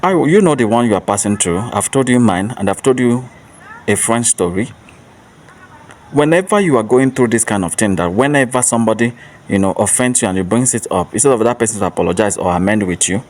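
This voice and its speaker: A man's voice: on the low side, brisk. A man giving an earnest motivational monologue as a self-help speaker, repeating rhetorical questions. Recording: distant mic with faint traffic noise.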